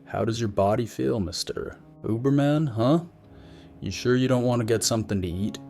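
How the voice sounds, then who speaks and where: A man voicing a creepy, toothless woman passenger who speaks in a soft, coaxing sing-song. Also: mid-range voice, moderate pace, faint music behind, voice pushed up, lightly acted.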